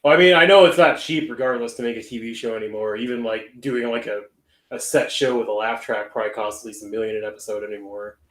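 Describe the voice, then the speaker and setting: A man's voice: mid-range voice, quick pace, a bit bright. Rambling male podcaster in an echoey room. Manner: rambling, many fillers and restarts. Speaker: podcast co-host. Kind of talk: casual chat.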